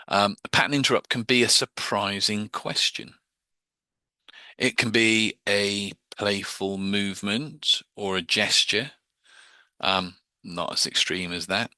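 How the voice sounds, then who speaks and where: Man, lowish voice, very bright tone, dry close sound, informal hypnosis teaching, chatty with restarts. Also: no room sound. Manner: chatty, restarts and repeats words, acts out quick examples.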